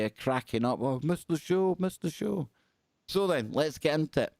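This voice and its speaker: A man's voice: medium pitch, darkish tone, dry recording, clean studio sound. A Scottish man hosting a live call-in radio show, chatting loosely and reading news stories aloud with rambling asides. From Scotland.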